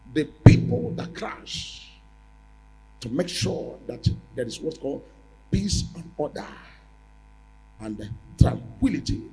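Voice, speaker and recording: A man preaching a prophetic sermon, repeating his phrases and breaking into sudden loud rises. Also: on the high side, creaky, slightly rough, low-quality recording.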